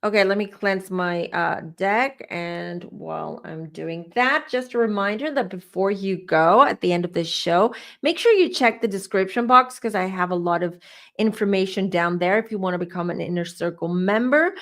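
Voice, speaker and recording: At a normal speed and medium pitch, a woman does an informal tarot reading on her channel. Her delivery is lively, and she repeats things as she winds up toward exclamations.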